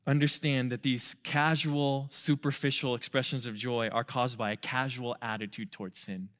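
A man's voice: medium pitch, a bit bright. Urgent, conversational young male preacher. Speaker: youth pastor. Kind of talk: sermon.

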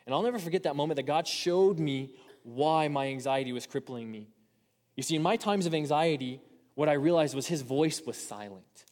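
A man's voice: a little high, darkish tone, long reverb tail. A young man preaching a personal sermon, earnest and confessional. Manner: earnest, personal, rises to impassioned pleading. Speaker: pastor.

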